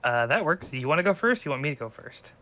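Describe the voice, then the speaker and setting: A man's voice: a little high, big pitch swings, very fast, pushed and bright. A man, a player in a tabletop game, chatting casually and describing his character's actions.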